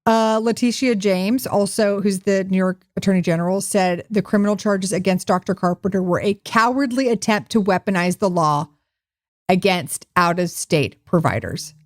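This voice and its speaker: A woman's voice: mid-range voice, normal speed, dry recording. A woman co-hosts a casual podcast, recapping news with sarcasm and jokes. Her voice sits in a middle range and the recording is dry and close. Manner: animated, sarcastic storytelling with jokes. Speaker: podcast co-host. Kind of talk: casual comedic chat.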